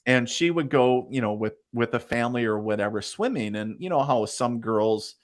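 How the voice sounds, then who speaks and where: Man, casual interview guest, storytelling, acts out dialogue, medium-pitched. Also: moderate pace. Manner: animated storyteller, acts out quotes, laughs often.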